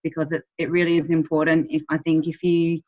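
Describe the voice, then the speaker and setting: A woman's voice: deep voice, completely flat delivery, brisk. A tired woman sharing on a video call, rambling and apologetic. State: tired after a long drive. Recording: dull lo-fi call audio.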